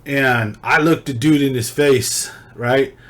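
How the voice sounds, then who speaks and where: A man's voice: medium pitch, slow, fairly bright tone. A man, telling a personal story in a loose, rambling way, full of slang and swearing. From California. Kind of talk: casual storytelling.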